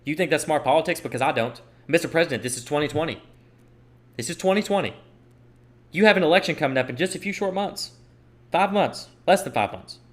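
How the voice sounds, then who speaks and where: A man's voice: a little high, brisk. A man hosting a solo podcast, giving opinionated commentary and repeating his points for emphasis. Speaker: podcast host.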